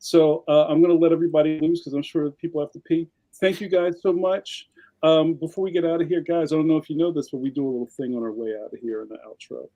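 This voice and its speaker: An upbeat male host closes out a livestream in a loose, rambling way. His voice is a touch high. He talks over a webcam on a video call. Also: steady tone, fast, mellow. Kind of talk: casual livestream chat.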